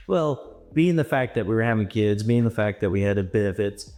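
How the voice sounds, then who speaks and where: A man from Texas, a podcast guest telling stories in an animated way and acting out dialogue. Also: lowish voice, fairly quick, soft background music. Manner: animated, acts out dialogue in voices. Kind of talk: storytelling anecdote.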